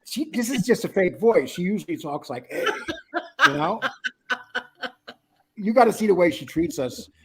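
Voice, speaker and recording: A man's voice: high voice, big pitch swings, moderate pace, creaky, pauses often, sharp tone, a little hiss or hum. A male livestream host chatting casually, joking and teasing as he reads the chat aloud.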